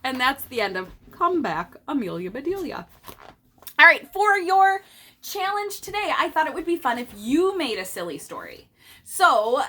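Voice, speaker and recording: A woman teacher giving an animated, encouraging read-aloud lesson to young children. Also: sits high, moderate pace.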